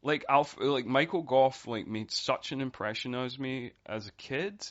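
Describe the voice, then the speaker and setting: A man's voice: mid-range voice, unhurried. A man who is a podcast guest, talking casually and rambling with many fillers. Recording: dull, lo-fi sound.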